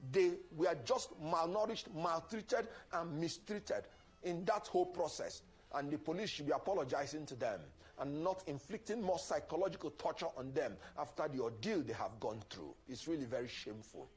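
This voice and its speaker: A man's voice: fairly high pitch, normal speed, breathy edge. A man giving a formal statement and condemning the treatment of detainees in an emphatic, indignant way.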